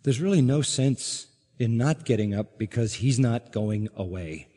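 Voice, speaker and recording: A man preaching an expository sermon, emphatic, swinging from loud exclaims to low asides and asking the congregation questions. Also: expressive, unhurried, in a large hall. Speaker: pastor.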